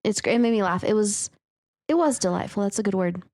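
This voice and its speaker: A woman co-hosting a podcast, chatting casually and often pausing to search for words. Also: mid-range voice, lively intonation, darkish tone. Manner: chatty, searches for words, uses many fillers. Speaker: podcast co-host. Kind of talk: casual chat about reader stories.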